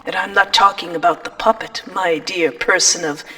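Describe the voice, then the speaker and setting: A woman voicing a mocking, manipulative male angelic being who talks in a slow, smug, taunting way. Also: lowish voice, fairly even intonation, sharp tone, low-quality recording.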